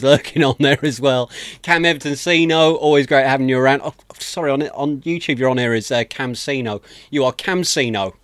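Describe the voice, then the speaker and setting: A man's voice: a little high, no room sound. Chatty man hosting a livestream. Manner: chatty, self-deprecating, frequent laughs and thank-yous. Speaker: livestream host. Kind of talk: casual chat to stream viewers. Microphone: desk microphone.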